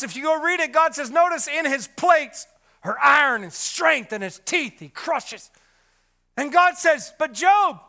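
A man with a high, bright voice preaches a sermon. His delivery is dramatic, climbing to ringing shouts and then dropping to hushed whispers.

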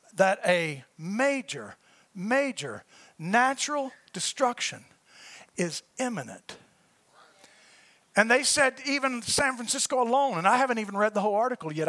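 A preacher with a very high, bright, forceful voice. He reads scripture and works up to shouted peaks before falling back into low, quiet asides. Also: no echo. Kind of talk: sermon reading scripture.

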